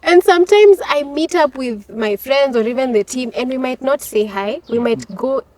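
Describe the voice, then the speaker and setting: A woman's voice: high voice, moderate pace, darkish tone. A woman host, chatting in a casual interview and laughing often as she tells stories. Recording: voice a bit far from the mic.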